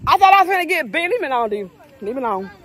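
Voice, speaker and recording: Out on a neighborhood street, an adult mother vlogs in casual, animated slang while someone else films her on a phone camera. Her voice is high, bright and forceful, with big pitch swings and a racing pace, and a faint crowd can be heard.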